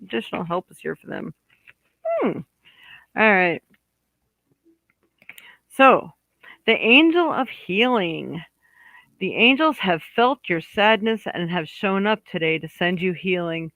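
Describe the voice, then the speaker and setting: High-voiced, bright-toned psychic reader. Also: male voice, very animated, slow pace, vocal fry, pauses often, no echo, rough recording. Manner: chatty, warm asides, talks to spirit aloud; frequent fillers and restarts. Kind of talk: monthly horoscope card reading.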